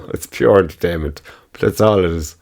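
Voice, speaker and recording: A man's voice: low voice, moderate pace, vocal fry, darkish tone. A man hosting his own podcast in casual solo chat, rambling, swearing freely and laughing at his own remarks. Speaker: podcast host.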